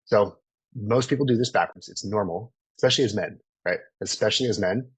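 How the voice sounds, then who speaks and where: Fast-talking husky male sales coach. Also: lowish voice, dry recording, low-quality recording. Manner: casual, profane, lots of "right?". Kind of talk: live online training session.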